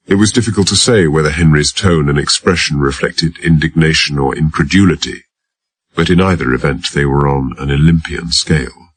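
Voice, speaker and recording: Male audiobook reader, extremely deep and husky, dry close sound, measured delivery. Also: no room sound. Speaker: audiobook narrator. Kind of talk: scripted narration.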